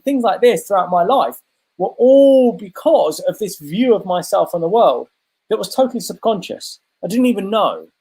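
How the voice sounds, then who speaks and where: A man's voice: high-pitched, a little mellow. Earnest man telling his story. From United Kingdom. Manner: earnest, confessional, speaks in long run-on sentences. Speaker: interview guest, transformational coach. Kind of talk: personal storytelling in an interview.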